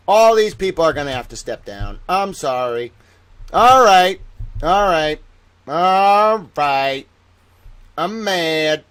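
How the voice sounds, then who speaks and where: A man streaming live, reading profiles aloud and ranting with excitable, profane mock outrage. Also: mid-range voice. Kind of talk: live-stream commentary while reading online.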